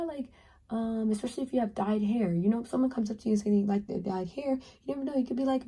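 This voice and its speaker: A young woman in her twenties talks through a tarot reading in an easy, chatty way. Her voice is soft and breathy, with a very mellow, dark tone. She often slips into a higher voice to act out small conversations. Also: quick pace. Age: 20s. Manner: chatty, acts out little dialogues in a higher voice. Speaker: tarot reader. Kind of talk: casual pick-a-card advice talk.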